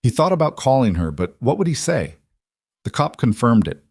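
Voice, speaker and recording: A man narrating a scripted dramatic story in a steady, even manner. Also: mid-range voice, normal speed, slightly rough, no room sound, studio quality.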